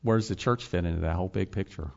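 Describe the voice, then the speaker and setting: Speaking fast in a low, creaky, darkish voice, a pastor and college teacher delivers a sermon full of rhetorical questions for his congregation that build to emphatic points. The sound quality is lo-fi and slightly dull.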